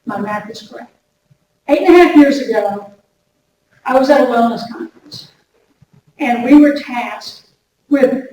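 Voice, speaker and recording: A woman giving a lively workshop talk to an audience, chatty and direct, often repeating her words. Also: sits high, a little slow, long pauses. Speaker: workshop speaker. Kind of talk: lively workplace wellness talk. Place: large room before an audience. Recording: echoey hall recorded from far off with noise.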